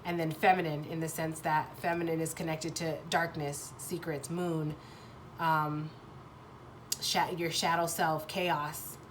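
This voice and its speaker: A woman giving a pick-a-card tarot reading to viewers, thinking aloud in a halting way, restarting sentences as she searches for words and swearing freely. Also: sits low, flat delivery, slight background noise. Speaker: tarot reader.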